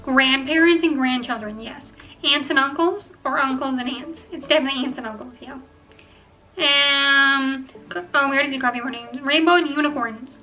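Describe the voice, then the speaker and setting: Young woman vlogger, high bright voice, rambly chatty, kinda dull audio with faint music behind. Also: moderate pace. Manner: chatty, rambling, filler-heavy. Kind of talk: casual chat to camera. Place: home room.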